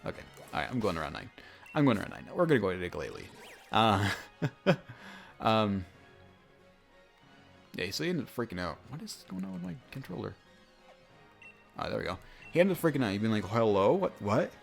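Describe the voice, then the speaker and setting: A young man with a deep, low voice that often drops into gravelly fry, talking casually while he plays a game. He rambles and interrupts himself, stacking fillers and restarts as he tells a story, with faint game music underneath. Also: big pitch swings, a little fast, long pauses. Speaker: gaming YouTuber. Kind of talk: casual let's-play chat with storytelling.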